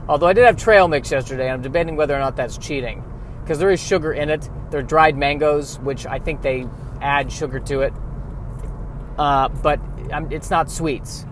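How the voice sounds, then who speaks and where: A young man vlogs from inside his car, rambling and thinking out loud with a self-mocking tone. His voice sits a touch high, and the street hum behind him is faint. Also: poor audio. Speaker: vlogger. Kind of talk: casual rambling vlog.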